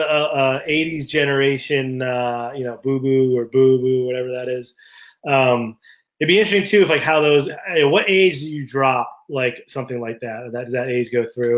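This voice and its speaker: A man's voice: medium pitch, fairly quick. A man co-hosting a casual talk show, easygoing and telling personal stories. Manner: easygoing, tells anecdotes. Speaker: podcast co-host. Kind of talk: casual chat.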